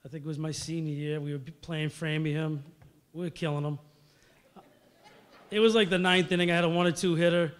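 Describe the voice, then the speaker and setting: A man's voice: on the high side, steady tone, a little fast, long pauses. A middle-aged man giving a rambling, anecdote-filled acceptance speech at a podium microphone in a large banquet hall. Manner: rambling, storytelling, many fillers. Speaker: hall of fame inductee. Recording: long reverb of a large hall.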